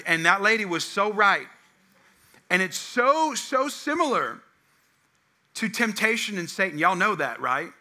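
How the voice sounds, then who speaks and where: Young male pastor, high and very bright voice, storytelling sermon with loud bursts and hushed asides. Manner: storytelling, swinging from loud acted quotes to hushed tones.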